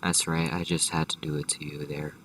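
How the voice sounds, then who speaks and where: A man's voice: very deep voice, flat delivery, fairly quick, a bit bright, far from the mic, a little hiss or hum, rough recording. A man telling an improvised comedic story in a rambling, profane way, full of restarts and side remarks. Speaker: storyteller host.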